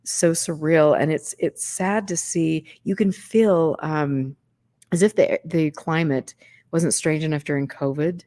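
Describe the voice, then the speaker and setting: A woman's voice: low-pitched, fairly even intonation, measured pace, dark tone. A woman hosting a casual conversation, rambling and searching for words.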